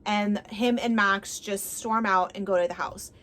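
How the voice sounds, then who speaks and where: A woman's voice: medium pitch, fairly even intonation, a little slow, a bit bright. A woman casually recapping a romance novel's plot in a chatty, swearing way. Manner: chatty, swearing, retelling with quotes. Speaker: book reviewer.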